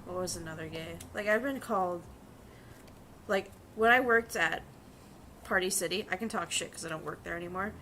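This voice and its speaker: Young woman streamer, bright forceful tone, casual profane storytelling at her desk mic, faint hiss behind. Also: lowish voice, moderate pace. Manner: chatty, profane, storytelling with quoted voices. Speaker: vtuber streamer and bank teller. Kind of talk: casual chat while drawing.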